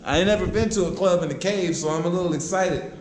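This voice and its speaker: A man's voice: high voice, fast, slight background noise, rough recording. A young man vlogging casually, joking and swearing as he talks. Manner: profane, joking, laughs often. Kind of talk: casual vlog chat. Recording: loud music behind. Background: loud music.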